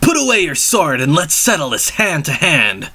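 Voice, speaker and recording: Villainous swordsman, scornful, cackling laugh, bright edgy voice, storybook reading, man putting it on. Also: a little high, sing-song, moderate pace, breathy edge, pitched above the performer's own voice, heavily acted. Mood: cold.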